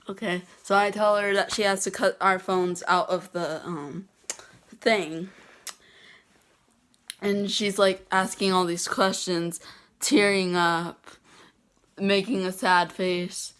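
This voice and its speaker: A teenage girl telling a prank story in a casual vlog, halting with many pauses and restarts. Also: medium pitch, steady tone, a bit bright, smooth. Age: teens. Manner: halting, many ums and restarts, laughs at herself. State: getting emotional, near tears. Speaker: vlogger.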